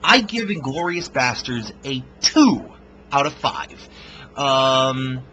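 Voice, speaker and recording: A man's voice: mid-range voice, sing-song, takes it slowly, bright, forceful tone, a little hiss or hum, poor audio. A man giving a casual, blunt film review, rambling with fillers and swearing freely.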